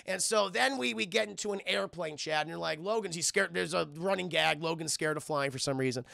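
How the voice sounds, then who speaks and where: A man's voice: fairly high pitch, brisk, creaky, sharp tone, dry recording, clean studio sound. A young man streaming a casual spoiler film review to his live chat, rambling and sarcastic, swearing freely.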